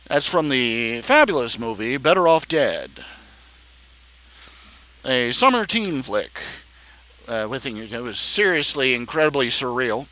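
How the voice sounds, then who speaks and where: Bright, joking male streamer. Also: on the high side, no echo. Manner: rambling, joking, puts on a made-up accent. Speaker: live streamer and comic artist. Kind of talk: casual live-stream chat.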